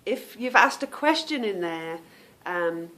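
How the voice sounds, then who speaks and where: A woman's voice: medium pitch, animated, slow pace, a bit bright. A woman hosting a knitting podcast, chatting casually to viewers, rambling off on tangents and stumbling over unfamiliar names.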